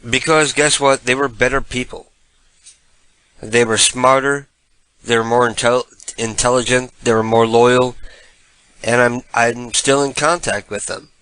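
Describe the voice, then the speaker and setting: Blunt, bright-voiced male comic host. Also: mid-range voice, fairly even intonation, a little slow, clean tone, no echo, poor audio. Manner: blunt, swearing, rambling. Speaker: radio show host. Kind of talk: profane comic storytelling.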